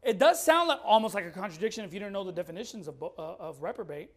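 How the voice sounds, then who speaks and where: A man preaching a sermon, firing rhetorical questions and reading scripture slowly and deliberately. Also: high-pitched, lively intonation. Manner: emphatic, fires rhetorical questions.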